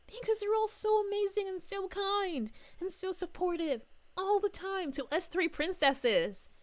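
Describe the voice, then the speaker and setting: A woman's voice: very high-pitched, a little slow. A woman voicing a cheerful young princess, reading chat on a live stream in character and gushing with thanks. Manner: gushing, effusive, frequent giggles and "aw"s. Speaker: VTuber streamer.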